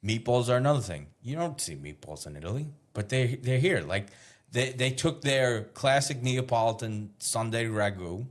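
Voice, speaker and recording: A man's voice: mid-range voice, lively intonation, moderate pace. A man, a chef guest in a casual interview, explaining things as he thinks aloud, with small restarts along the way.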